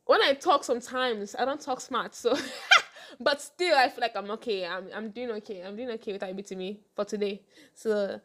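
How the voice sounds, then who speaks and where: Fast-talking young woman host. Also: a little high, slight background noise. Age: young adult. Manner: fast-talking, animated, laughs often. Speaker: podcast host. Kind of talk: casual advice chat.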